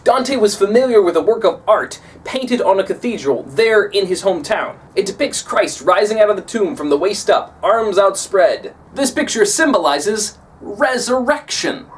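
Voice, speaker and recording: A male teacher explains a classic poem in a lively, playful way, his pitch swinging widely. His voice is fairly high for a man. It is picked up from a distance, with faint noise underneath. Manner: animated, playful lecturing. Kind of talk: recorded literature lesson.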